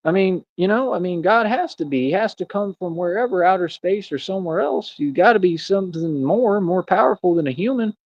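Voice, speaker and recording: Young man, rambling preachy stream talk, slightly high voice, dry dull lo-fi audio. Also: lively intonation, brisk, hardly any pauses, no room sound. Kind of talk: casual livestream rant.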